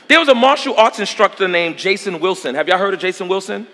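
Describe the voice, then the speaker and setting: A man's voice: high voice, lively intonation, quick pace, hardly any pauses, sharp tone. Male pastor, sermon, emphatic call-and-response, long hall reverb.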